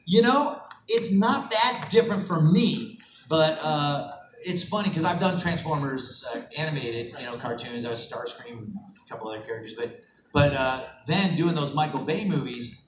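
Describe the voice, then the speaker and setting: A man's voice: a little high, normal speed. Middle-aged man telling stories at a convention panel. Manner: animated, laughing, acts out quotes. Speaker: panel guest voice actor. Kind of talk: convention Q&A storytelling. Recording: echoey hall recorded from far off on a phone, noisy.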